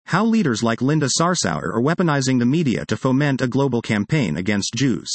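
A man reading an opinion article aloud in a steady, measured way. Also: medium pitch, dry recording. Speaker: article reader.

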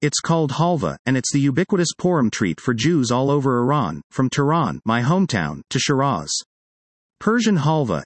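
A man's voice: mid-range voice, no echo. A man reading a magazine article aloud in a plain read-aloud delivery. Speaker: reader.

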